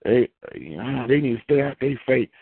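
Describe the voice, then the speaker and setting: A man preaches in a loose, repetitive, conversational way that climbs into fervent prayer. His voice sits at a middle pitch. It comes through a dry, tinny, phone-like radio line. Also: animated, moderate pace, gravelly, breathy edge, no echo. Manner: conversational, repeats phrases, rises into fervent prayer. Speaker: pastor.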